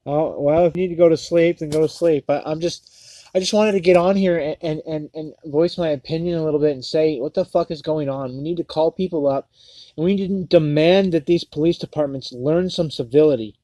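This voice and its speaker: A man's voice: on the high side, fairly quick, dark tone, no room sound. A man hosting his own livestream, ranting angrily, swearing often and stumbling over repeated words. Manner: profane, heated, repetitive stammering restarts. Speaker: livestream host. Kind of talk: angry livestream rant.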